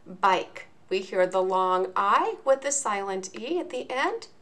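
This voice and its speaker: A woman teaching a lesson in a video, explaining each point slowly and enunciating clearly. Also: mid-range voice, sing-song, a bit bright. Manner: slow, deliberate, clearly enunciated.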